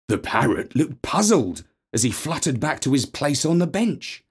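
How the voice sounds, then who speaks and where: A man narrating a storybook in an expressive, playful reading. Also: medium pitch, normal speed, few pauses, husky.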